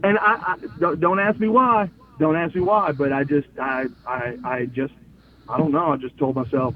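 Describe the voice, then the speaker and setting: A middle-aged man and former pro wrestler telling excited stories as an interview guest, stumbling over restarts and acting out quotes. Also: on the high side, moderate pace, a crowd in the background. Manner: excited, repeats words and restarts, acts out quotes. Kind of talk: animated storytelling in an interview. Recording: phone-like line with faint hiss.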